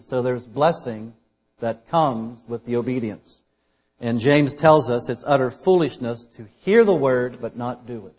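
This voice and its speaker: A man preaching a conversational sermon as a pastor, shifting between loud emphasis and quiet asides. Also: mid-range voice, measured pace. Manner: conversational preaching, dynamic loud and soft swings.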